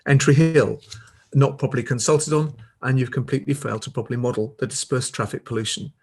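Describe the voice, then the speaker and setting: A man's voice: mid-range voice, fast, darkish tone, breathy edge. Man, member of the public, prepared statement, critical, emphatic, video call. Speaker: public speaker at council meeting. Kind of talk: prepared statement read aloud.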